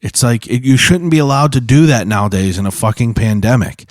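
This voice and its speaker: A man's voice: mid-range voice, expressive, a little fast, no room sound, studio quality. A man hosting his own podcast solo, talking in a casual, profane, rambling way full of fillers. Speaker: podcast host.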